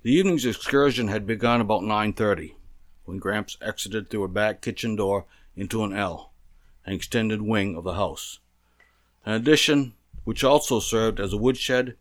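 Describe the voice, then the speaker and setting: A man reading aloud a memoir about his own family, telling it in a measured, plain storytelling manner. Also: on the low side.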